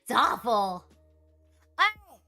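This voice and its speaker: A woman chatting casually with her live-stream viewers, animated and laughing often. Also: on the high side, slow pace, soft background music.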